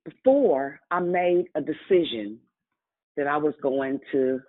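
A woman's voice: deep voice, slow. Woman preaching a testimony, tinny sound. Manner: conversational, addresses congregation directly. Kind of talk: sermon testimony.

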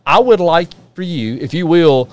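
A man's voice: a little high, lively intonation, normal speed, darkish tone. A man hosting a casual sports talk show, folksy and opinionated, ribbing his guests.

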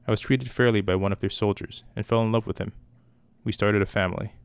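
Stern guarded mom, cold clipped answers, low gravelly voice, a guy reading her lines. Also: steady tone, fast, no echo. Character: stern, guarded middle-aged mother in exile.

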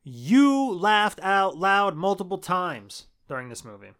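A man's voice: sits high, sing-song, slow, a bit bright, clear, resonant tone. A man co-hosting a casual movie review podcast, laid-back and swearing freely. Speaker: podcast co-host.

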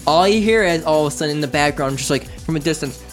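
A man telling a gaming story in casual chat with friends, acting out the lines other players shouted. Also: on the high side, fast talker, faint music behind.

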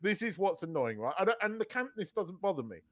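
A man's voice: sits high, big pitch swings, fast talker, fairly bright tone. Guy ranting on a podcast, voice swinging up and down, swears a lot, trips over words. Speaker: podcast co-host. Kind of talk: casual opinionated chat.

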